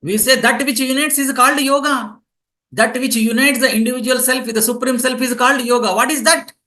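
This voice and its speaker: A man teaching a class, explaining slowly and repeating key phrases for students taking notes. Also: very high-pitched, steady tone, sharp tone. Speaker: yoga teacher. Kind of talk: classroom lecture.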